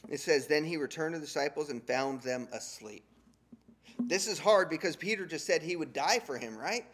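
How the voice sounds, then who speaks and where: A man preaching a sermon, retelling scripture in a conversational, animated way with casual slang. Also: on the high side, moderate pace, slightly rough.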